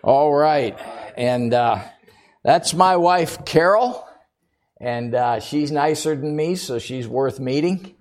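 A man's voice: fairly high pitch, slow pace, darkish tone. An older man, a guest preacher in a church, opening his sermon with chatty, folksy jokes and laughing at his own punchlines. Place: church sanctuary.

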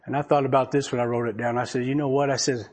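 A man's voice: mid-range voice, fairly even intonation, fast. A man preaching a conversational sermon, folksy and chuckling often as he reads scripture aloud. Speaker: pastor.

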